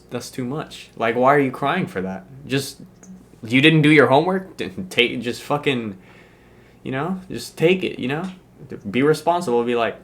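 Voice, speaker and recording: Animated young man telling a school story. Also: medium pitch. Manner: animated, slangy and profane, with many fillers. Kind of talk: casual storytelling.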